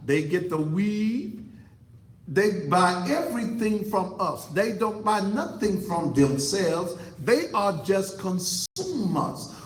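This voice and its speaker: A man's voice: high-pitched, reverberant, poor audio. A man delivering a fiery, preachy commentary monologue to camera as an online talk show host, repeating himself for emphasis. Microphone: computer setup facing a monitor.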